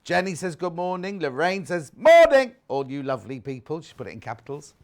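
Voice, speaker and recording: Man, TV shopping host, chatty, reads viewer messages, slightly high voice. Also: fast. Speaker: shopping channel presenter. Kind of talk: live TV shopping chat. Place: TV studio.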